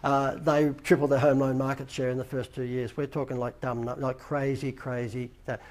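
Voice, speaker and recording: A man's voice: medium pitch, little pitch movement, fairly quick, darkish tone. An Australian man hosting his own show, telling a rambling anecdote and acting out the dialogue he quotes. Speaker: host. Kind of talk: casual anecdotal storytelling.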